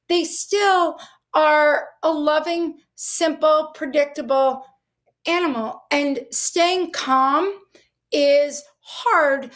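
A middle-aged woman dog trainer explaining things earnestly in an interview, with many fillers. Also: high-pitched. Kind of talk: interview answers.

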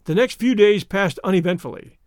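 A man narrating an audiobook with an expressive storytelling delivery. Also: sits high, brisk, clear, resonant tone, no echo, clean studio sound. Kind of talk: scripted narration.

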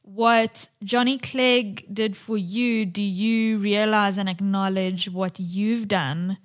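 A woman's voice: medium pitch, steady tone, slow pace. A woman hosting a podcast interview who asks her guest earnest, moved questions. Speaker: podcast host. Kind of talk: interview chat.

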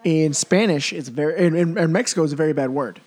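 A man's voice: a little high, fast, a little mellow. A man hosting a podcast in casual chat, laughing often and telling stories with animation. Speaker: podcast host.

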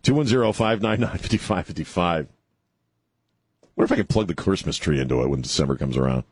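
A man's voice: sits low, expressive, quick pace, slightly rough, no room sound. A man hosting a talk radio show, taking callers and giving sarcastic, mocking commentary in a chatty way.

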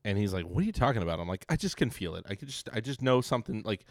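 This young man's voice is lowish and sing-song, with rapid-fire delivery on clean studio sound and no room sound. As a podcast co-host, he teases his friend and acts out quotes while telling a story. The talk is casual banter.

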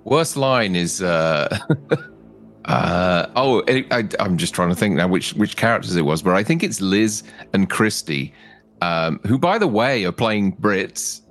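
A man co-hosting a casual movie review chat, animated and quick to laugh, acting out lines from the film. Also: low-pitched, faint music behind. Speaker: podcast co-host.

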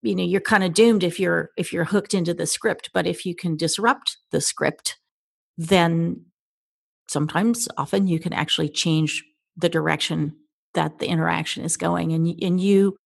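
A woman's voice: fairly low pitch, normal speed, gravelly. A woman hosting a conversation, reflecting on what her guest said and explaining ideas at length. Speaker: host. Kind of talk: casual interview talk.

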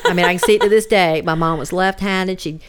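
A middle-aged woman, quietly and haltingly telling a family story in casual conversation. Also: fairly low pitch, steady tone. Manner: halting, soft-spoken, laughs through tears. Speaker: guest relative.

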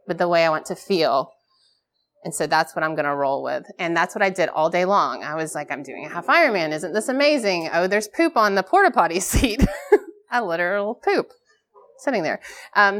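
A woman's voice: fairly low pitch, fairly bright tone. Candid, self-deprecating woman speaker. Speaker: conference speaker. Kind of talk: live keynote talk. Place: conference stage before a live audience.

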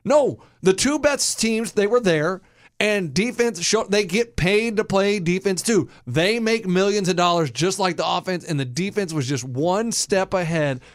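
A man co-hosting a radio show, casually arguing about football and quick to contradict the others. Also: sits high, expressive. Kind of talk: casual sports chat.

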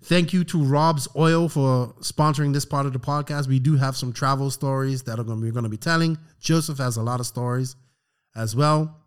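A middle-aged man telling a story on a podcast, animated and profane, acting out the lines of the people in it. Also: medium pitch, brisk, smooth. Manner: animated, profane, acts out quotes. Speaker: podcast co-host. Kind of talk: casual storytelling chat.

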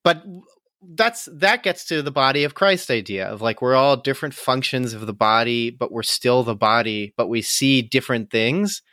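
A man's voice: mid-range voice, normal speed, sharp tone, dry recording, studio quality. A man co-hosting a podcast in casual chat, laughing often and talking with emotion. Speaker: podcast co-host.

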